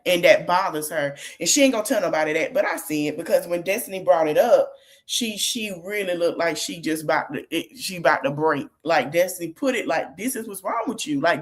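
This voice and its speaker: A woman's voice: lowish voice, a bit bright. Chatty woman recapping a reality show. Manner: retells a scene in quotes, chatty and candid. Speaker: podcast host recapping reality TV. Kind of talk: casual recap monologue.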